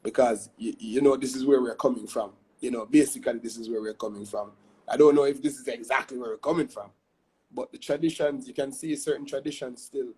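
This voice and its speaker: Jamaican guy talking fast and lively in an interview, kinda husky voice. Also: mid-range voice. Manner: animated, tag questions like "you see me?". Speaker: guest. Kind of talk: casual interview chat.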